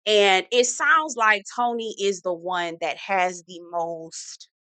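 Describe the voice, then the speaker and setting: Sassy bright-voiced woman recapping TV. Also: medium pitch, slow pace, clear, resonant tone, no echo. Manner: sassy, profane, animated asides. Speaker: reality TV recap host. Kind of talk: casual recap commentary.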